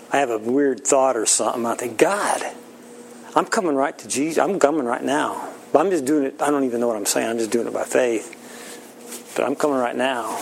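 Brief: middle-aged male pastor, folksy informal sermon, gravelly voice. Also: medium pitch, a little mellow, slight background noise, poor audio. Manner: folksy, plain-spoken, laughs often.

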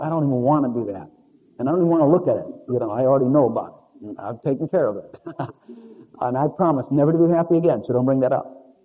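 Husky-voiced man preaching over a tinny line. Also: a little high. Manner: rambling, confessional, chuckling asides. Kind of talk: conversational sermon. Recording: narrow phone-like lo-fi sound.

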